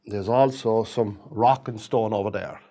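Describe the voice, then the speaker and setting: A man demonstrating a painting, chatting gently and coaxing the paint along as he works. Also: on the low side, fairly even intonation, measured pace. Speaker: painting instructor.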